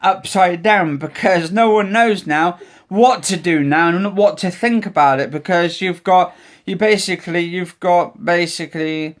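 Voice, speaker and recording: A man's voice: high voice, unhurried. A man chatting casually in a vlog, rambling with many restarts. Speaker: vlogger. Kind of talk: casual chat.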